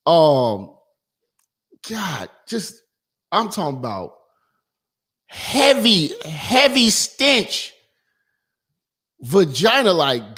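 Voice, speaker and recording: A man with a high voice and a very lively swing in pitch hosts a call-in radio show. He rants loudly and profanely, rambles from point to point, and keeps laughing at his own remarks. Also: breathy edge. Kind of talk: crude call-in radio rant.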